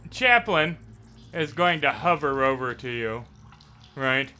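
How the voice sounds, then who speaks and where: Bright-voiced male game master. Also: mid-range voice, big pitch swings, takes it slowly, clear, resonant tone. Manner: descriptive, leading the scene. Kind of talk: narrating a tabletop game.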